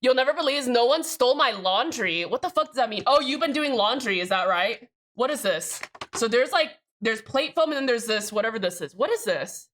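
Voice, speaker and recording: A woman's voice: fairly high pitch, animated, brisk, a bit bright, a little hiss or hum. A woman live streamer chatting casually with her chat, joking and swearing, with rambling restarts. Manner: profane, joking, reads out chat names.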